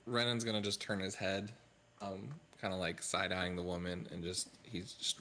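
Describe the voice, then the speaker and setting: A man playing a tabletop game, describing his character's actions in a relaxed, hesitant way. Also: deep voice, moderate pace. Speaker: player. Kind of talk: tabletop game play, casual.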